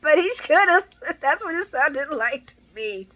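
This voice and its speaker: Recap vlogger, woman, animated and profane, bright voice, somewhat high. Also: unhurried, low-quality recording. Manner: profane, animated, laughing asides. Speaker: soap opera recap vlogger. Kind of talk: casual chat, daily recap.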